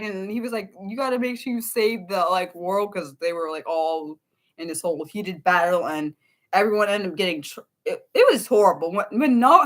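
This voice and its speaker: Animated swearing woman streamer. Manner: animated, swears freely, rambles with restarts; jumps high in pitch for quoted outbursts. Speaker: livestream host. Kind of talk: casual unscripted livestream chat.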